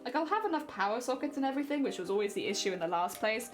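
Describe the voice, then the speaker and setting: A woman's voice: on the high side, expressive, racing, faint music behind. A young woman streaming, chatting playfully with her viewers while she crafts, often giggling.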